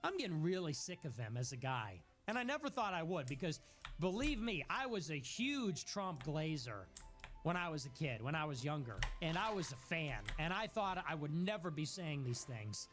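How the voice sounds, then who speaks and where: A man hosting a livestream, ranting in a casual, profane and animated way. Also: on the high side, moderate pace, over music. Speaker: livestream host.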